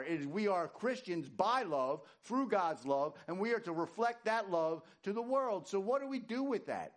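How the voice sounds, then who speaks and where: A man preaching a sermon, animated, swinging from loud emphatic lines to hushed low ones. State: winded. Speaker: pastor.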